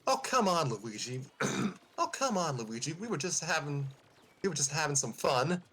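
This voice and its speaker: A man voicing a cheerful male cartoon mail carrier bird in a high, excited voice. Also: moderate pace, slightly rough, heavily acted. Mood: cheery.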